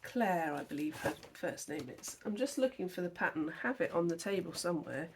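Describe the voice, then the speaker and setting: A young woman hosts a flosstube video, chatting casually to the camera at her dining table at home about her cross-stitch projects. She rambles and gets emotional, speaking briskly and animatedly in a fairly low voice. Background noise can be heard.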